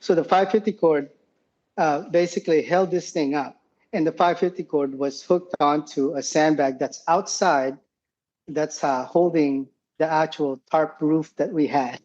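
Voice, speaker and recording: A man's voice: fairly high pitch, a little slow, a little mellow, lo-fi sound. A man in his forties, a podcast guest and former combat medic, telling war stories in a rambling, profane way and laughing often. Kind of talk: casual war storytelling.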